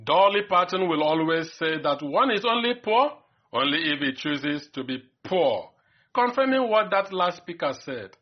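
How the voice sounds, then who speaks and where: Male reporter narrating, slightly high voice, very lively pitch, dull lo-fi sound. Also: moderate pace. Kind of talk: broadcast narration.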